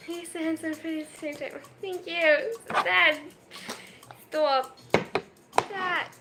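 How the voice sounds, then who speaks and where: A woman's voice: very high-pitched, fairly even intonation, slow pace, background noise. A 22-year-old woman from Germany, live-streaming at home and reading viewer comments aloud. She talks in a shy, self-conscious way, with hesitant restarts and nervous laughs.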